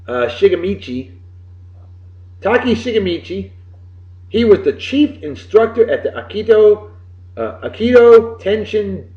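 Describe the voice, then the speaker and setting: Podcast host, New man in his late 30s, exuberant and lively, in a roomy room on a muffled recording. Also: high-pitched. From Massachusetts. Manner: exuberant, swings between loud bursts and mumbled asides. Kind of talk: casual birthday shout-outs.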